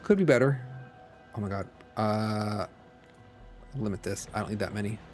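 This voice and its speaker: A man's voice: fairly low pitch, moderate pace, soft background music. A man streaming a factory-building game, muttering to himself with playful asides. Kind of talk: casual gameplay commentary.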